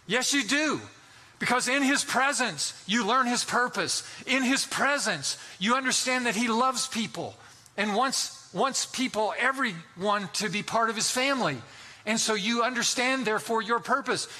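Preacher in his sixties, high voice, very bright tone, folksy and emphatic, sermon delivery. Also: moderate pace. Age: 60s. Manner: folksy storytelling, emphatic exhortation. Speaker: pastor.

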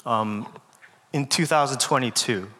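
A man giving a guest sermon, telling a personal story in an earnest, halting way with many fillers, close to tears. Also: medium pitch. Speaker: guest speaker. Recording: long hall reverb with loud music.

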